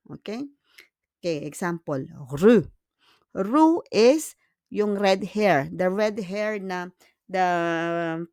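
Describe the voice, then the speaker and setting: A woman's voice: mid-range voice, no room sound, studio quality. A woman teaching beginner French grammar, switching between English, French and Tagalog and checking in with "okay?" after each point.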